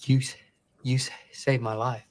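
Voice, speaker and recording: An actor playing a timid, stammering young man in a film scene, speaking hushed. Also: medium pitch, little pitch movement, normal speed, natural voice. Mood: meek, grateful. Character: timid young male defendant, stammering, grateful. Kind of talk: film dialogue.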